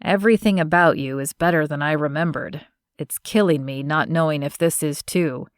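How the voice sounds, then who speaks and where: A woman narrator voicing a smitten young man, the earnest romantic lead of an audiobook, in a slightly lowered, tender delivery. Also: normal speed, no room sound, studio quality, close to an everyday voice. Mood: eager. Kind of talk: audiobook character voice.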